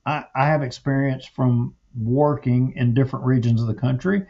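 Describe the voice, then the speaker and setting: A man's voice: medium pitch, moderate pace, warm tone, highs cut off. A man co-hosting a political talk show, speaking in a heated, emphatic way and repeating himself. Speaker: podcast co-host.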